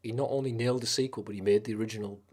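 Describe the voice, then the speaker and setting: A man with a lowish voice talks loosely on a live stream and rambles from one film to the next. He swears freely and gets carried away with enthusiasm. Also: steady tone, rapid-fire, darkish tone. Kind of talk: casual live-stream chat.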